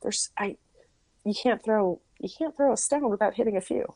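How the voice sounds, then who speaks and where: A woman's voice: mid-range voice, moderate pace, warm tone, no echo. A woman host from Minnesota chatting casually, telling a story with lots of asides and "like". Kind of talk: casual chat.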